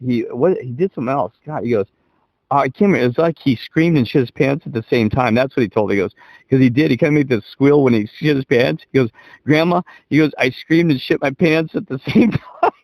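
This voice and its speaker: A middle-aged man spinning a story in loose, profane chat, restarting his sentences and laughing along. His voice sits at an ordinary pitch. The recording is dry and close. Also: fast talker, a little mellow, no echo, poor audio. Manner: rambling, profane, laughs while telling. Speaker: podcast co-host.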